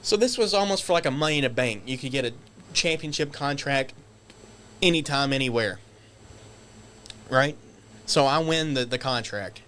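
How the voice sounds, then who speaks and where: A man guest on a podcast, telling stories casually, animated and swearing, acting out shouted quotes. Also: mid-range voice, normal speed, slight background noise. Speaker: guest wrestler. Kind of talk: casual storytelling.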